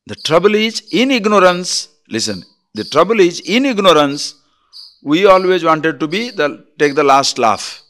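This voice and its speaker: A man with a fairly high-pitched voice, speaking a little slowly, gives a spiritual discourse as a teacher. He tells stories with animation and acts out quarrels.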